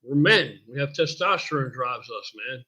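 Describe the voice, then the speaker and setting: A man's voice: mid-range voice, lively intonation, normal speed, bright, forceful tone, husky. An older man hosting a casual live stream, rambling in a blunt, profane way and answering viewer questions. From United States. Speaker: host. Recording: dull lo-fi stream audio.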